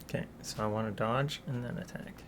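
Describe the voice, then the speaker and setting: A woman's voice: rumbling low, fairly even intonation, brisk, background noise. A woman giving casual game commentary with offhand, joking asides. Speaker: gaming streamer.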